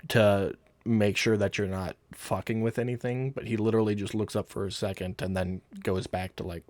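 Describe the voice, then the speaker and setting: A man narrating a tabletop role-playing game as game master, describing scenes and asking players for checks in a relaxed, rambling way. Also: fairly low pitch, dry recording.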